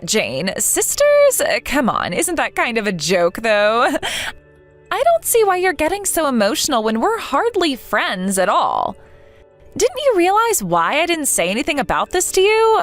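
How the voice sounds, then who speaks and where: A synthetic woman's voice speaking as a cruel young woman in a text-message story, mocking and dismissive. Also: fairly high pitch. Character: young woman, scornful, cruel fake friend.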